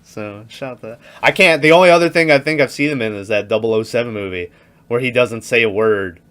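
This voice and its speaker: Young male podcast co-host, bright tone, easygoing, laughs a lot while recapping scenes. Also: medium pitch, fairly quick, clear, resonant tone. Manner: relaxed, laughs often, retells scenes. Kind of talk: casual movie review chat.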